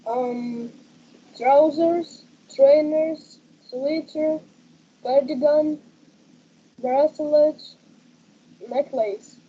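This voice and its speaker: A woman's voice: high voice, steady tone, phone-quality sound, slight background noise. A woman student in an English lesson, hesitant, reading words aloud one by one. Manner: hesitant, reads words slowly.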